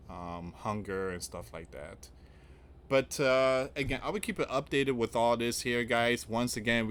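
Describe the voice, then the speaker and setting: This man's voice is fairly low, a bit bright, clear and resonant. As an online news channel host, he casually reads news aloud to viewers and reacts with rhetorical questions, giving rambling, repetitive political commentary that often restarts with "again" and "guys."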